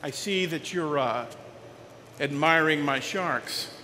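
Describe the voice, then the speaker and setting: A man's voice: on the high side, slow, sharp tone, slight background noise, pitched below the performer's own voice. A man playing a friendly male pet store owner who explains things in a folksy, confident way. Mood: proud. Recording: reverberant hall, faint ambience.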